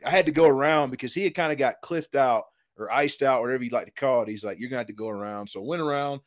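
A man, a retired football lineman, telling a hunting story in a casual, animated, slangy way, full of "dude" and "man". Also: mid-range voice, fast talker.

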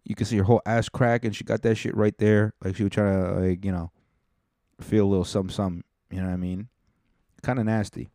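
A man's voice: on the low side, steady tone, quick pace, mellow, no echo, studio quality. A man hosting a podcast, reacting to viral clips in a casual, profane, laid-back way. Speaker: podcast host.

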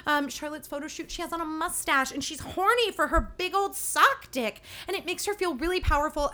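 A young woman hosting a podcast, recapping a TV episode in a chatty, sarcastic way with playful quick impressions. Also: high voice, sharp tone. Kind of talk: casual comedic recap.

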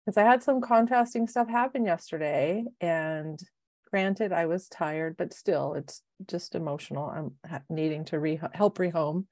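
A woman's voice: on the low side, measured pace, dry recording. Emotional, rambling middle-aged woman, dry sound. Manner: emotional, rambling, animated self-talk. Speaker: life coach and podcast co-host. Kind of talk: casual podcast chat.

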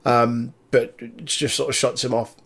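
A man chatting casually as a podcast co-host, animated, laughing often and swearing. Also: medium pitch, unhurried, slightly rough. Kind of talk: casual chat recapping a wrestling show.

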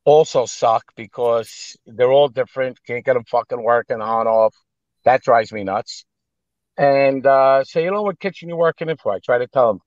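A man's voice: mid-range voice, no echo, highs cut off. Blunt, profane New York man. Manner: blunt, profane, animated storyteller. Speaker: guest, actor and private chef. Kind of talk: casual storytelling.

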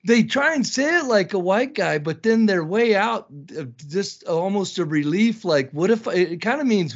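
A high-pitched man in his fifties from Blackfeet country, Montana, spinning casual stories as a podcast guest. He talks in an animated way, laughs often and swears. The recording sounds dull and lo-fi. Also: moderate pace, few pauses, husky. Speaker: podcast guest, tournament announcer. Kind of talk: casual storytelling chat.

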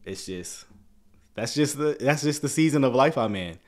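Man, thirties, livestream host; easygoing, rambling chat with stammered restarts, mid pitch. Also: expressive, normal speed, darkish tone. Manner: easygoing, laughs often. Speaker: YouTube channel host.

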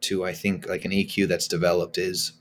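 A man's voice: sits low, level tone, a little fast, slight background noise. A man speaking as a guest on a podcast, talking casually and emphatically, often repeating words as he starts a thought. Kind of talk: casual conversational interview.

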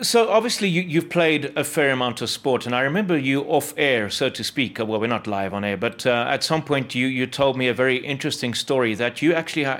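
A man hosts an interview and asks his questions with friendly curiosity. He hesitates often and repeats words while he builds his sentences. His voice sits at an ordinary middle pitch. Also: fairly bright tone. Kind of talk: interview conversation.

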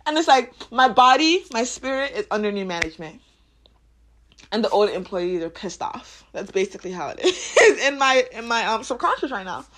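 A woman of twenty-one talking unscripted on her podcast about heart and spirit, casual and swearing, swinging from low musing to loud laughing bursts.

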